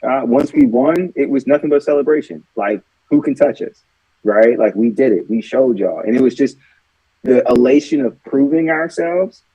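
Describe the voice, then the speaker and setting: A man who played college football, guest on a radio show, reflecting in relaxed casual talk with many fillers. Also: mid-range voice, moderate pace, breathy edge, no echo, poor audio. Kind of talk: casual interview chat.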